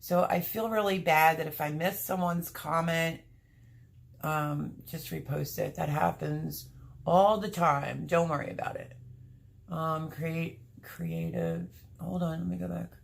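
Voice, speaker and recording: A woman hosting a casual livestream, talking straight to her viewers with a gravelly, somewhat low voice. She sounds apologetic and flustered, her voice rough and a bit choked up. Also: fairly even intonation, measured pace. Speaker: homestead channel host.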